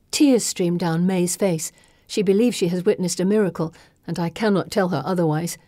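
Woman narrating a dark novel, mellow. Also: on the low side, dry recording, studio quality. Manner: measured, dramatic storytelling. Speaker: audiobook narrator. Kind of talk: scripted first-person narration.

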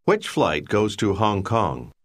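A man narrating a language course, explaining words and tones in clear, measured, scripted lines. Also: on the low side, wildly swooping pitch.

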